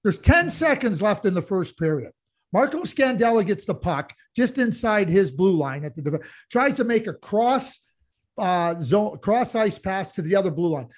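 Male co-host, high voice, animated and heated hockey talk. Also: moderate pace. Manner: animated, gets heated and loud, many restarts. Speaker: podcast co-host, hockey analyst. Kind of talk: casual sports chat.

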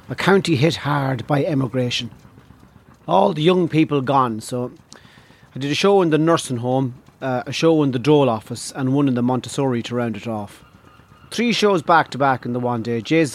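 A man from Donegal with an Irish accent, telling a comic story in a wry, deadpan way. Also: medium pitch. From Donegal, Ireland. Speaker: comedian.

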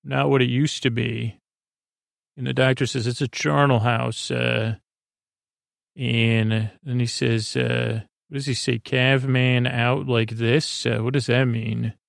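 A man hosting a sleep podcast, recapping an episode in a halting, hesitant way with many pauses. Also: medium pitch, flat delivery, creaky, dry recording, studio quality. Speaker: podcast host.

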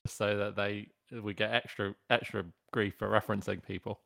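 A man's voice: lowish voice, little pitch movement, moderate pace, vocal fry, fairly bright tone, no echo, studio quality. A man on a comedy podcast, blunt and heckling. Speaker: podcast co-host.

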